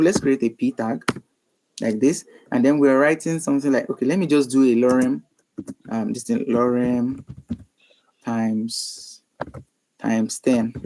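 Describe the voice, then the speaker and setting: A man's voice: mid-range voice, darkish tone, slight background noise, low-quality recording. A man teaching web coding in a screen-recorded tutorial, chatty and thinking aloud with frequent ums and self-corrections.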